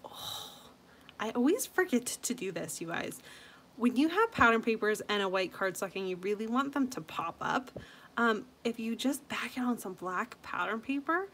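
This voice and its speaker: A woman hosting a scrapbooking channel, chatting casually and gushing over viewers' layouts, with frequent soft asides. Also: on the high side, very animated, moderate pace, breathy edge.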